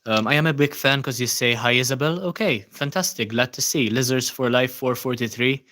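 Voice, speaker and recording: A man's voice: mid-range voice, a little fast, a bit bright. A man hosting a casual livestream, reading out viewers' comments and answering them with frequent ums. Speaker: livestream host.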